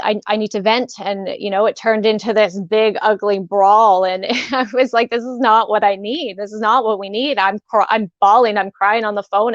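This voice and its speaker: A woman guest on a talk show telling a painful personal story, halting and emotional, with many restarts. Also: mid-range voice, no echo. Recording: dull dry sound.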